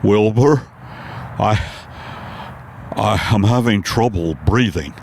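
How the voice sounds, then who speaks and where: A man voicing a stoned, panicky male talking horse in a comedy bit, with loud, drawn-out, dazed pleading. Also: fairly low pitch, creaky, slight background noise.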